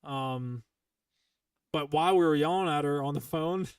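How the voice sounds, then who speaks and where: Profane, emphatic ex-Marine podcast host. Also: male voice, on the high side, moderate pace, clean tone, no echo. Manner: profane, emphatic, full of fillers. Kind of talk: casual podcast storytelling. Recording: dry, from some distance to the mic.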